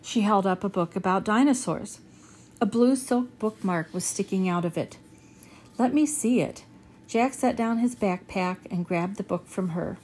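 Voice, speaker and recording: A woman reading a children's chapter book aloud in a steady storytelling manner. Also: mid-range voice, moderate pace, slight background noise. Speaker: reader.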